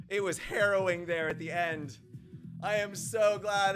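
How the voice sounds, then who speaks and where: Man, game host, excited gameplay commentary, fairly high pitch, loud cheering bursts, music behind. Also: normal speed. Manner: swings from calm explaining to loud shouting and cheering.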